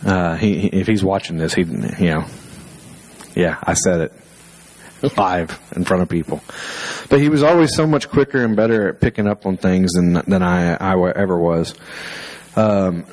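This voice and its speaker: A man's voice: low voice, moderate pace, darkish tone, rough recording. A male pastor preaching a sermon through personal stories, conversational and self-deprecating, with fillers and restarts.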